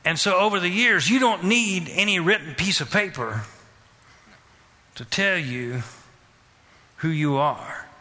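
A man preaching a sermon, questioning the congregation and repeating phrases in a steady rhythm. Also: high voice, measured pace, long pauses. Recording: reverberant hall.

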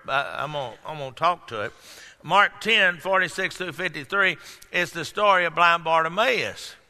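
A male pastor preaching a sermon to a congregation, calling out questions and breaking into sudden shouts. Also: high voice. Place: church hall. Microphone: microphone. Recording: echoey hall.

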